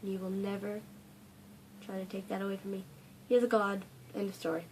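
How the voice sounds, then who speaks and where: A woman's voice: mid-range voice, little pitch movement, fairly quick, a little hiss or hum. A teenage girl hosting a casual fandom Q&A vlog from home, gushing with dramatic asides. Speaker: fandom channel host. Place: home room.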